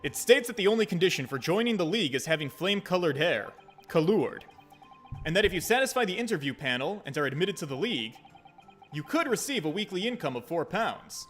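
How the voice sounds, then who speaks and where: A man reading game dialogue as a calm, dignified con man with a put-on French accent, measured and poised. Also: high-pitched, faint music behind. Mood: composed.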